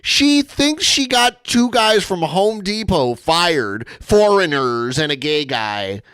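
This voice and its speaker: Sarcastic podcast host, animated delivery. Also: male voice, high-pitched, slow pace, clean tone, no room sound. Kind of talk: mocking commentary on a clip.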